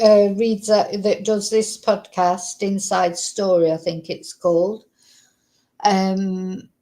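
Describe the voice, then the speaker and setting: A woman commenting casually on a true crime story during a live stream, rambling with many fillers. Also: medium pitch.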